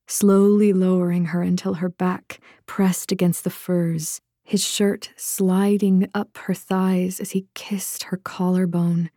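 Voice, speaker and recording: A woman's voice: lowish voice, dark tone, no room sound, studio quality. A woman narrating a romance audiobook in an intimate manner, often dropping to a whisper.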